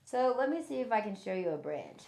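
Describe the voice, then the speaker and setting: A woman's voice: medium pitch, very animated, fairly quick, creaky, a little mellow. A woman casually showing her plants on a live stream, chatty and loose, swearing freely and restarting her sentences while she moves nearer to and farther from the mic.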